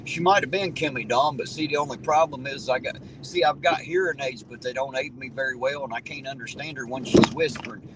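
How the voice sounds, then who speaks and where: A man's voice: mid-range voice, fairly quick, few pauses. A man chatting casually on a livestream from inside his car while driving, rambling in a folksy way and reading out viewer comments. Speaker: livestream host reading chat. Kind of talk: casual chat. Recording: car road noise behind the voice.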